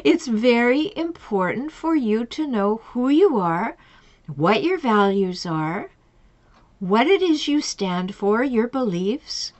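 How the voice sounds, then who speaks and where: A woman's voice: on the high side, darkish tone. A woman coach giving advice and retelling client stories, repeating pointed questions with emphasis. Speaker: relationship coach. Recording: dull lo-fi recording.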